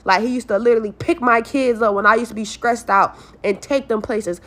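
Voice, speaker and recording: A woman's voice: fairly high pitch, fairly even intonation, fairly quick, fairly bright tone. A young woman venting about her life to her viewers in a casual story-time video, blunt, stressed and full of swearing. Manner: blunt, heavily profane, talks straight to viewers. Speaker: vlogger telling a personal story.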